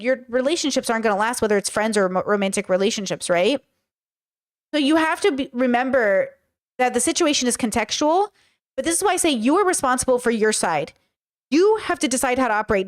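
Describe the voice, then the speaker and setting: A woman hosting a podcast, talking frankly and casually with her chat, swearing now and then. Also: a little high. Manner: chatty, frank, swears, acts out quoted speech. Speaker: podcast host. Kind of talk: casual commentary reacting to chat.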